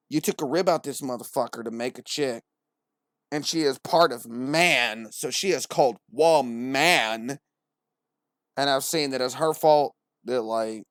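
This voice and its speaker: A man's voice: mid-range voice, dry recording, studio quality. Profane, mocking young man. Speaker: podcast host. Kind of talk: irreverent comedic commentary.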